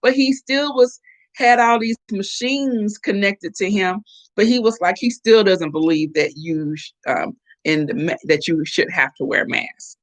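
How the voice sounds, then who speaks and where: A middle-aged woman hosting a casual live chat, animated and chatty as she reacts to viewer comments. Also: mid-range voice, unhurried. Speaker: host.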